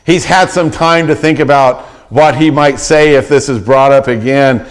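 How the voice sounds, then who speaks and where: A man's voice: mid-range voice, normal speed. A middle-aged man preaching a sermon as pastor, retelling scripture with vivid, acted-out quotes and frequent restarts.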